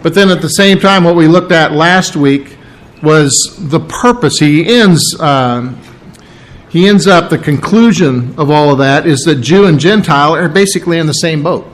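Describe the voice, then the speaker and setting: An earnest male pastor working through a Bible passage in a sermon. His voice sits a little high for a man, and he leans hard on key phrases, saying them twice. He talks in an unscripted way, with restarts as he goes. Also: moderate pace, low-quality recording. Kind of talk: expository sermon.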